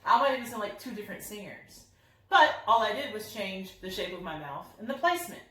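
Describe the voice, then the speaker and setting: A woman's voice: mid-range voice, animated, brisk, a bit bright. A young woman voice teacher explaining singing technique in an upbeat, friendly teaching tone. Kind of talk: singing lesson demonstration. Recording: roomy echo, somewhat far from the mic.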